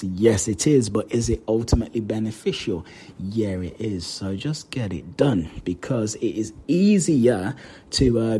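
A man's voice: on the low side, dark tone, breathy edge. A man hosting a motivational podcast, talking straight to the listener and repeating words for emphasis. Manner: addresses the listener directly. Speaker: podcast host.

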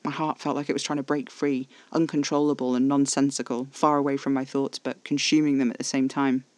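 A man's voice: mid-range voice, level tone, brisk, no room sound. A man giving tense, intimate first-person narration of a horror audio drama.

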